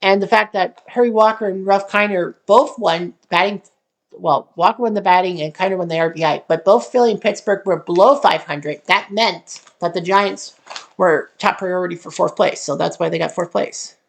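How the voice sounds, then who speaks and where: Gravelly, rambling woman host thinking aloud. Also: on the low side, normal speed. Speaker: channel host. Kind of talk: casual walkthrough of a simulated sports tournament.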